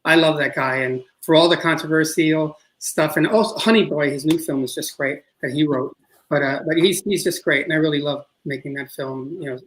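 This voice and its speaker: A man's voice: a little high, a little fast, a bit bright, low-quality recording. A middle-aged man with a New York accent, a filmmaker talking casually in an interview, rambling with many restarts. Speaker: filmmaker guest.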